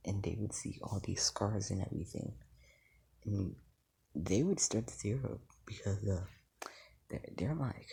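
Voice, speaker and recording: A man tells a made-up fan story in a deep, slow, unhurried way. His voice is gravelly and husky, with a dark, mellow tone. He rambles and stops to think, and often drops to a half-whisper. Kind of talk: casual improvised fan story narration.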